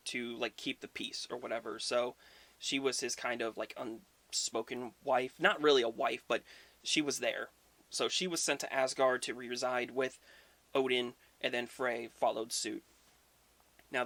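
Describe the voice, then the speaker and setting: A man's voice: medium pitch, a bit bright, no room sound. A man casually retelling myths as a history video host, informal and conversational with some swearing. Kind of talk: casual storytelling.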